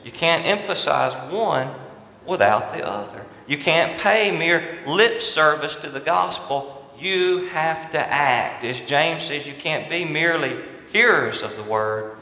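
A man's voice: on the high side, expressive, measured pace, pushed and bright. A man preaching a sermon from the pulpit, stressing and repeating his key points. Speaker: pastor. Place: large church sanctuary. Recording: echoey church hall with long reverb.

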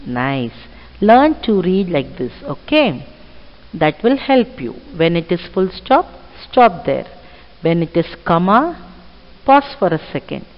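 Slow-talking woman teacher. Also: on the low side, very animated. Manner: explains slowly and asks children questions. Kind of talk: classroom reading lesson. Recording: muffled audio with long reverb.

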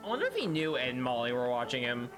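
A man in his reaction-host voice swings his pitch about and talks back at the screen, swearing freely. Loud music plays behind him. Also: huge pitch swings, fast, rough recording. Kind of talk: casual reaction commentary.

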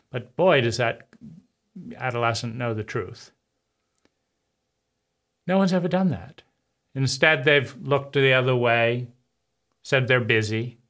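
Man, personal testimony monologue; bitter, intense, halting delivery with restarts. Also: mid-range voice, a bit bright. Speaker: trauma survivor speaking to camera.

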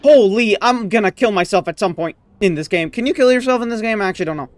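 A gaming YouTuber giving let's play commentary, raging and swinging between sudden yelps and low muttering. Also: fast, no room sound.

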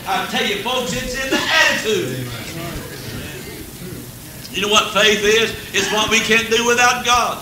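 At a church service, a man with an extremely high-pitched voice delivers a folksy revival sermon at a moderate pace. He's humorous, chuckles frequently and rises to fervent peaks, captured on an old, distant, echoey church tape with faint hiss.

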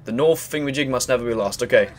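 A young man chatting excitably and swearing casually while playing through a video game. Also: mid-range voice, rapid-fire. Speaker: gaming video host. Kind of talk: let's play commentary.

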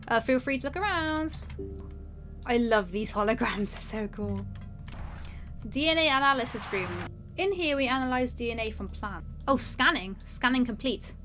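This is a woman with a high voice giving playful gameplay narration. She giggles often and reads game signs aloud. She also puts on voices for the characters she meets, over faint background music. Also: moderate pace, a bit bright. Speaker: gameplay video creator.

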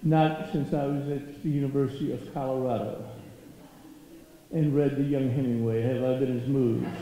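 A man's voice: medium pitch, fairly even intonation, normal speed, noisy background. A man giving a humorous, self-mocking keynote talk at a stage microphone in a large hall. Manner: self-mocking, comic timing. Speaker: keynote speaker. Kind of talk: humorous storytelling speech. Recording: echoey hall, dull lo-fi sound.

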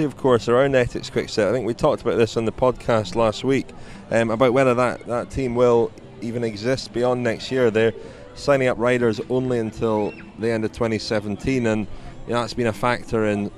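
Man, podcast host, casual chat, relaxed, middle pitch. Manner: relaxed, hands over to guests.

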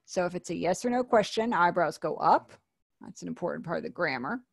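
A woman's voice: on the low side, lively intonation, a little fast, vocal fry, slightly rough, no echo, studio quality. A woman teaching an online sign language class, patiently explaining and repeating each word.

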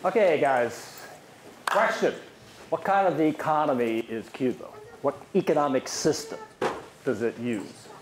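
A man's voice: fairly high pitch, a little slow. A man giving an economics lecture at a university, quizzing the audience with questions and talking with many fillers. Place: lecture hall. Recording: echoey lecture hall, faint noise.

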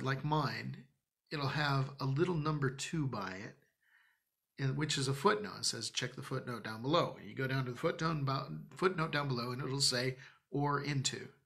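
A man's voice: fairly high pitch, gravelly, sharp tone. A man preaching in a church, teaching from the Bible in a conversational, emphatic way with joking asides. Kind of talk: Bible-study sermon.

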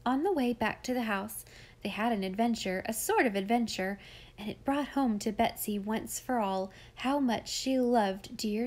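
A woman narrating a classic children's novel aloud in a measured, expressive reading. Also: medium pitch. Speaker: audiobook reader. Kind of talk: scripted storybook narration.

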